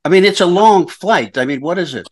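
A man's voice: sits high, expressive, a little fast. A man co-hosting a chat show, asking questions and teasing the guest. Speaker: co-host. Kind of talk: casual interview chat.

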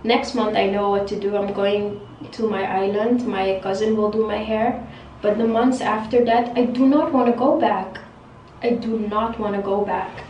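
A woman's voice: medium pitch, fairly even intonation, moderate pace, darkish tone, far from the mic, lo-fi sound, a little hiss or hum. A young woman venting to camera as a hair vlogger, frustrated and repetitive, swearing freely. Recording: roomy echo, voice a bit off-mic.

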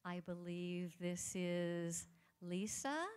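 A woman's voice: fairly low pitch, steady tone, extremely slow, a little mellow, smooth. A woman organizer announcing names at an awards ceremony in a large ballroom, friendly and coaxing people to come up. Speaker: event organizer.

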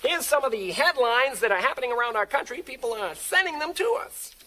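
A woman takes on the role of a wisecracking male talk-show host for a sketch, delivering punchlines with upbeat energy. Her voice is high, expressive, pushed and bright, a touch fast, and deliberately exaggerated. The broadcast comes from a noisy TV studio with an audience.

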